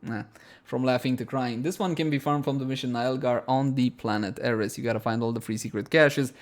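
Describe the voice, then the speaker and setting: A man's voice: mid-range voice, brisk. A man narrating a gameplay guide over footage, chatty and self-mocking, talking to his viewers as friends. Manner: chatty and self-mocking, often breaking into laughter; addresses viewers as "my friends", animated. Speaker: game guide creator.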